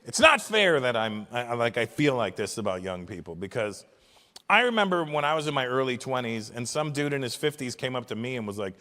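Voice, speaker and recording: A man in his fifties from Canada doing stand-up comedy with profane, animated, exasperated ranting. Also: medium pitch, normal speed, big-room sound. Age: 50s.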